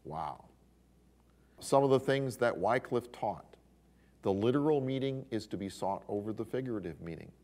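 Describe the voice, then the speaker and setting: Male Bible class teacher, slightly low voice, animated lecturing style. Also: moderate pace. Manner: animated storyteller with exclamations.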